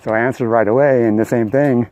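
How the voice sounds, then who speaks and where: An older man talks to the camera while out on a mountain trail, stringing a story together with plenty of pauses. His voice is mellow and dark, at a middling pitch. The feel is a casual, unscripted hiking vlog. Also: steady tone, dry recording. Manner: rambling storytelling with many uh fillers. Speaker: thru-hiker vlogger.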